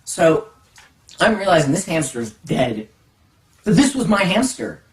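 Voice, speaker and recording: A lively storyteller recounts a comic childhood tale, dropping to hushed tones and then bursting into excited highs. The voice moves a lot in pitch. It sounds roomy and a little distant from the mic. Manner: animated, dramatic swings from hushed to excited. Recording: echoey room, distant mic, faint music.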